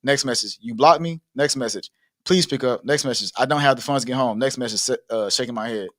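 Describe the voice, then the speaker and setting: A man's voice: mid-range voice, quick pace, no echo, clean studio sound. A man co-hosting a casual talk show, reading a text exchange aloud and acting it out, laughing often. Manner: animated, laughs often, acts out the text messages. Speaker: co-host. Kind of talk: casual podcast chat, reading messages aloud.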